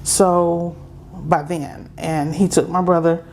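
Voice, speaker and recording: Role: guest. Sex: woman. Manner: halting, unhurried. Pitch: lowish. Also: steady tone, a little mellow, slight background noise. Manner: halting, unhurried storytelling with pauses. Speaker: interview guest. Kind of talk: personal testimony in conversation.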